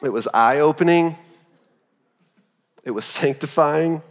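A man in his thirties preaching a sermon as pastor, telling a story in a loose, animated, conversational way full of "like". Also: on the high side, slow pace, big-room sound. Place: church auditorium.

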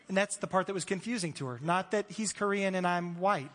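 A man's voice: high-pitched, a little fast, a bit bright, slight background noise. A man in his thirties preaching a sermon as a pastor, talking conversationally with self-deprecating humor and frequent restarts. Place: large church hall. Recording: long hall reverb.

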